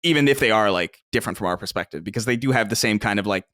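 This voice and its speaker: A man's voice: on the low side, rapid-fire, a bit bright, no room sound, studio quality. An American man co-hosting a podcast in casual chat, swearing freely and breaking into jokey impressions. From United States. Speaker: podcast co-host.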